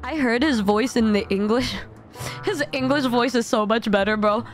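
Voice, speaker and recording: A young woman streaming a casual game reaction, excitable and quick to shout and laugh, her voice sounding a bit strained. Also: on the high side. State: voice often strained. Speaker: VTuber streamer. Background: game music.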